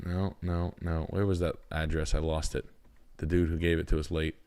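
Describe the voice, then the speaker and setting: A man hosting a live stream and reviewing house listings in casual chat, excitable and full of profanity as he jokes and riffs. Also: a bass voice, normal speed. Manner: excitable, heavily profane, jokey riffing. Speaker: realtor and stream host.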